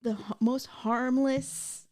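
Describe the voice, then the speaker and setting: A woman co-hosting a podcast, recapping episodes in an animated, laugh-filled casual chat. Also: high voice, takes it slowly. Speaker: podcast co-host.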